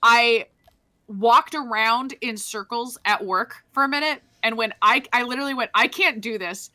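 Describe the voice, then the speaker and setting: A young woman co-hosting a hockey podcast, talking in casual chat, animated and swearing, with many restarts. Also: on the high side, normal speed. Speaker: podcast co-host.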